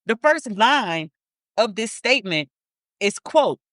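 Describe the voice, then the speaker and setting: A woman's voice: on the high side, big pitch swings, slow pace, fairly bright tone, dry recording, clean studio sound. A woman hosting a podcast, giving blunt, profane commentary, repeating words for emphasis and reading statements aloud. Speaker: podcast host. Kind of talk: casual commentary.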